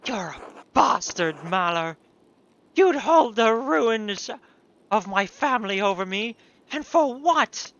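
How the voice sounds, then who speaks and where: A man's voice: sits high, expressive, slow pace, a bit bright, highs cut off, voice pushed up, exaggerated voice. A man putting on an indignant scandalized noblewoman. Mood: bitter. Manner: indignant, wounded protests. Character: scandalized noblewoman hiding an affair.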